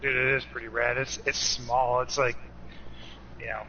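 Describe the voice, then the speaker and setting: A man's voice: mid-range voice, level tone, normal speed, bright, forceful tone. A man co-hosting a podcast in casual chat, laid-back, swearing and arguing points. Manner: laid-back, argumentative, profane. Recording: dull lo-fi audio, faint noise.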